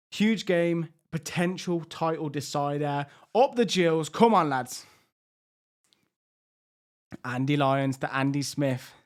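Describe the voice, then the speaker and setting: A man commentating his own video game, swinging from hushed tension to loud excited outbursts. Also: fairly high pitch. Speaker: gaming YouTuber.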